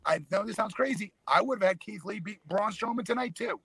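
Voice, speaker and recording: A man's voice: high voice, fast talker, creaky, fairly bright tone, husky, no room sound, rough recording. A man on a casual wrestling podcast, arguing booking points emphatically and lecturing his co-hosts. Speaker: podcast co-host. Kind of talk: casual wrestling opinion chat.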